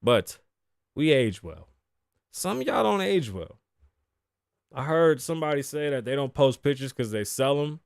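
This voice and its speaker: A man's voice: medium pitch, big pitch swings, measured pace, gravelly, long pauses, smooth, no room sound, clean studio sound. A man in his thirties hosting a casual solo talk show, cursing freely, joking, laughing often and dropping in Spanish phrases. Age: 30s. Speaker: podcast host.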